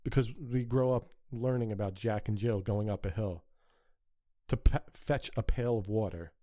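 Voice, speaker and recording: A man's voice: mid-range voice, a little slow, warm tone, no echo, studio quality. A man hosting a podcast, delivering a crude, sarcastic solo rant with an exasperated tone. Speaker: podcast host.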